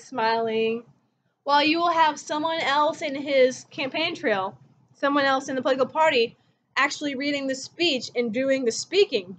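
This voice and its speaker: A woman history teacher records a casual lecture at home, narrating the story chattily and acting out quotes. Her voice sits high, and the dull, lo-fi recording has a little hiss or hum.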